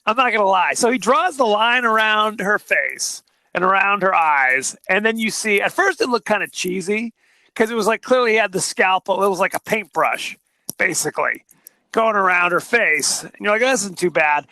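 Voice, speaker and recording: High, bright-voiced male podcast host. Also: lively intonation, normal speed, no echo. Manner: joking, retells scenes with mock quotes. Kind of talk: casual movie discussion.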